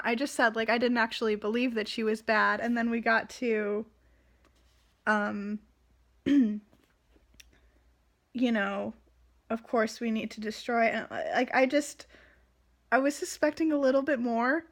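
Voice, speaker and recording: Excitable rambling young woman. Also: a little high, a little slow, pauses often. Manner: rambling, excitable, many fillers. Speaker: reader and commentator. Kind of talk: casual book commentary.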